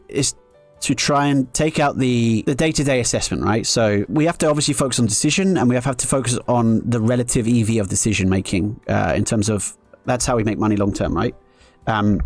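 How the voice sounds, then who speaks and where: A man's voice: medium pitch, darkish tone. A man commentating his own live poker play on stream, joking sarcastically at his own expense between strategy talk. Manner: self-mocking, sarcastic joking.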